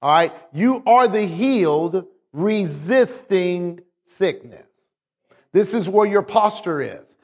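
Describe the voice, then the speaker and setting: A man's voice: sits high, lively intonation, slow, darkish tone. A male pastor preaching a sermon emphatically, calling on his congregation to respond. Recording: long reverb of a large hall.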